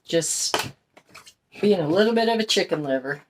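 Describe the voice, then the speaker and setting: A woman's voice: on the low side, expressive, fast. A middle-aged woman hosting a crafting channel, chatting in a folksy way while she paints and explains each step. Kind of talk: casual craft tutorial talk.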